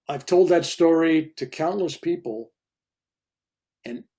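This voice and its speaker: An older man in his seventies, a reverend, telling a personal story in a loose, animated way and acting out the people in it. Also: a little high, breathy edge. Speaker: reverend and guest speaker. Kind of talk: casual storytelling interview.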